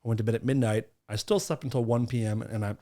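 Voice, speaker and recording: A man's voice: mid-range voice, steady tone, quick pace, warm tone. Laid-back man, just recovering from illness. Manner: laid-back, swears casually, gives advice. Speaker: podcast co-host. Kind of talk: casual chat.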